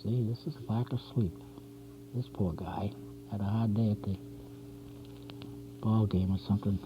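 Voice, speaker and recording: A man hosts a drawing show, teaching cartooning step by step and chatting through each pencil stroke. His voice is lowish with fairly even intonation and a measured pace, captured on dull 1990s community TV tape with a faint hum.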